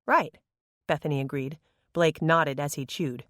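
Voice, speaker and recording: A narrator reading an audiobook in an even, measured voice on a close studio mic. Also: medium pitch, dry recording. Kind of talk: scripted narration.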